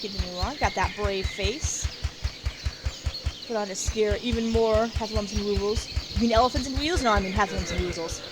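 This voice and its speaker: A woman's voice: mid-range voice, a little fast, very noisy. A woman hosting a let's play, giving casual, rambling commentary and playfully trash-talking the game's enemies. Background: loud game music.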